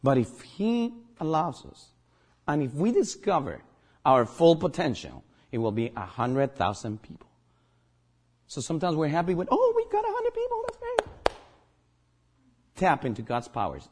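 A man from Guatemala with a Guatemalan accent, a native Spanish speaker, preaching a sermon as pastor, emphatic and joking. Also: mid-range voice.

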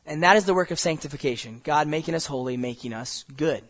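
A man's voice: on the high side, fast talker. A man preaching a sermon in a conversational way, stumbling over restarts and acting out quoted voices. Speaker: pastor.

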